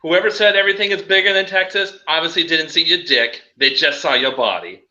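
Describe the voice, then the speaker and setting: A man co-hosting a casual chat, cheeky and quick to laugh, with a bright, sharp voice that climbs fairly high. The audio is muffled and lo-fi. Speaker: podcast co-host.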